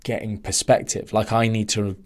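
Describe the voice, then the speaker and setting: Male podcast host, fairly low voice, casual animated rant full of asides. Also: normal speed. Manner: ranting, animated, swerving into tangents. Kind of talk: casual solo podcast monologue.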